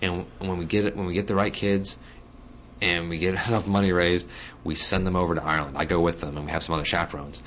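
A man being interviewed as a guest, talking in a quick, joking, restless way. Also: low-pitched, little pitch movement, a bit bright. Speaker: guest musician and guitar teacher. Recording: dull lo-fi sound with faint hiss.

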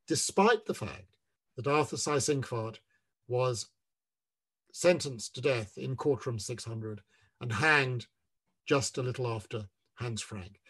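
A man talking about his book in an online discussion, measured and emphatic, leaning on words when he lists them. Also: mid-range voice, breathy edge. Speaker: author in a book talk.

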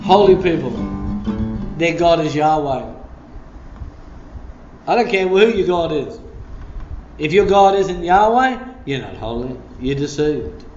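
A man's voice: on the high side, animated, slow pace, long pauses. A male pastor preaching a sermon with blunt, impassioned emphasis in a church meeting. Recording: roomy room, faint guitar.

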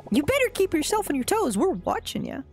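A squeaky cartoon henchman. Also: wildly swooping pitch, fairly quick, a little mellow, soft background music, full character voice. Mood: menacing. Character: squeaky male mob twin henchman.

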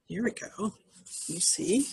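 A woman's voice: mid-range voice, lively intonation, breathy edge. An older woman, a grandmother, reading a picture book aloud to small children, pointing out animals in the pictures. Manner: gentle, slow, pointing at pictures.

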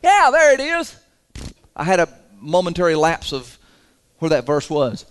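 A male pastor delivering a sermon in a church sanctuary. His voice sits high and swoops lively up and down as he leans into folksy, emphatic points, chuckling between them. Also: measured pace, clear, resonant tone.

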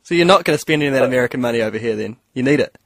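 A man co-hosting a casual radio chat in a studio, laughing often and tossing in quick agreeing replies. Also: mid-range voice, lively intonation, fairly bright tone. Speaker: radio co-host.

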